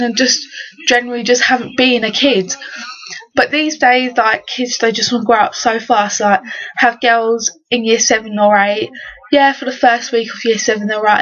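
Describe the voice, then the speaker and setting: A woman's voice: fairly high pitch, a bit bright. A teenage girl from England, telling stories in an exasperated, slangy rant for a vlog. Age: teens. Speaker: vlogger. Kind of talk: casual ranting story. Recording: dull lo-fi webcam audio.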